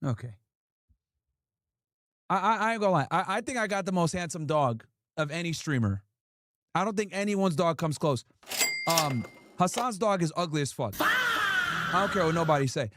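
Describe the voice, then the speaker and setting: A man's voice: high voice, very animated, moderate pace, pushed and bright, dry recording, clean studio sound. A man hosting a livestream in a casual, slangy style, teasing and playfully scolding in repeated bursts. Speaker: livestream host.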